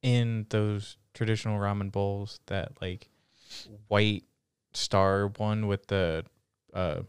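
A man in casual chat, quietly explaining a detail to a friend. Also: on the low side, flat delivery, slow, clean tone, dry recording.

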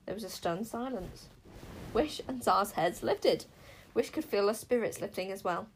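A woman storyteller reading a children's fantasy novel aloud in a measured, expressive way. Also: medium pitch, a little hiss or hum, poor audio. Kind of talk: audiobook narration.

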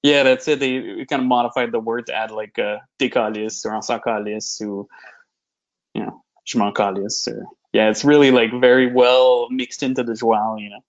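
A man, explaining slang in a relaxed, hesitant, casual podcast chat. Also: medium pitch, moderate pace. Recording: slightly muffled lo-fi audio.

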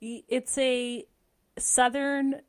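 A woman co-hosting a casual chat podcast, chatty and quick to laugh. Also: high voice, level tone, clear, resonant tone. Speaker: podcast co-host.

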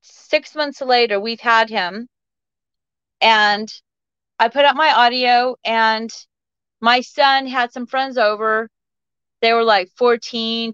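A fairly high-pitched woman in her forties tells her story with lively energy, jumping into the voices of the people she quotes. Her voice is smooth and resonant, but the recording sounds a little dull and muffled, with no room echo. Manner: acts out the quoted voices of others with shifts in pitch. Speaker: podcast guest. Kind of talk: animated personal storytelling. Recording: slightly muffled dry recording.

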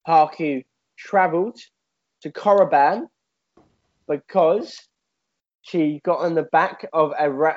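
Man, high-pitched, rambling, sweary, jokey, dull lo-fi sound. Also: darkish tone. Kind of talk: casual comedic chat.

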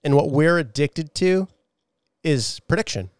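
A man's voice: fairly high pitch, animated, unhurried, clear, resonant tone, dry recording, clean studio sound. A man co-hosting a podcast, chatting casually, swearing often and laughing easily. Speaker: podcast co-host.

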